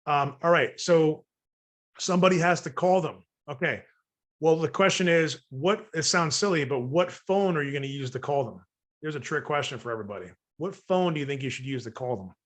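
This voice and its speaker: A man with a higher, brisk voice leads a long webinar training for real estate investors. He cracks jokes with the audience and role-plays sample phone calls.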